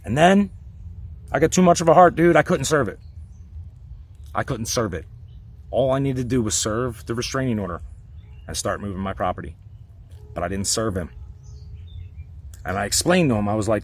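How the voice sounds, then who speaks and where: A man telling a personal story in a heated, rambling, profane rant, with sudden loud outbursts. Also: medium pitch, lively intonation, moderate pace, pauses often, breathy edge.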